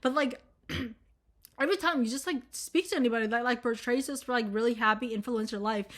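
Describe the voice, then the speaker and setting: In this casual vlog, a young woman in college rambles on openly, cursing freely and leaning on fillers. She talks fairly fast, and her voice sits on the higher side with a fairly bright tone.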